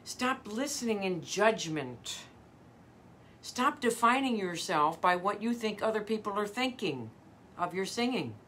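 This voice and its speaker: A woman's voice: medium pitch, lively intonation, unhurried, fairly bright tone, a little hiss or hum. A middle-aged woman vocal coach giving a live motivational talk, earnest and emphatic, repeating her key phrases.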